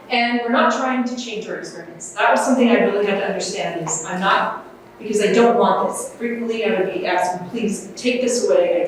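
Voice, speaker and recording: A woman presenting a workshop at a conference, talking in a gentle, unhurried way with fillers and restarts. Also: medium pitch, distant mic, a little hiss or hum. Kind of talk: workshop talk on self-compassion. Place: large conference room. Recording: echoey room, voice off-mic, faint ambience.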